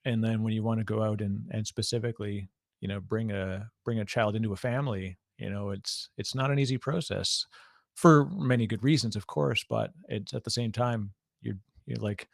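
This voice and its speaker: A man hosts a casual podcast conversation in a gravelly voice. He tells animated stories, acting out quoted people, and laughs often. The sound is dry and close. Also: lowish voice, moderate pace, no room sound. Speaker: podcast host. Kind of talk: casual interview chat.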